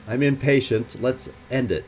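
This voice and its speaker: A man's voice: mid-range voice, normal speed, darkish tone, soft background music. Man thinking aloud over a strategy game. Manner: thinking aloud while planning moves. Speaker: gaming channel host. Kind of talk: let's play commentary.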